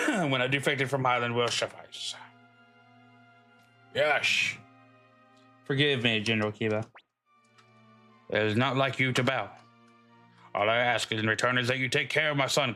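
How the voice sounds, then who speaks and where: A man reading the lines of a proud, loyal old male general from a video game, in a solemn, slower delivery. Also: mid-range voice, pushed and bright, soft background music.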